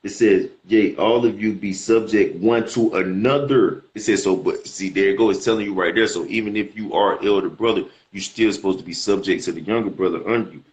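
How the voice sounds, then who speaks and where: A man's voice: lowish voice, brisk, few pauses, a little mellow. A man teaching scripture in a casual, slangy way, reading verses aloud and repeating words as he explains them. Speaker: preacher.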